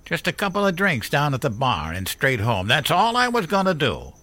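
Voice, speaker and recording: A man's voice: on the high side, huge pitch swings, moderate pace, sharp tone, voice pushed up, exaggerated voice. A man voicing a panicked younger brother who has been drinking and pleads desperately. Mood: desperate pleading. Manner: desperate, whining pleas.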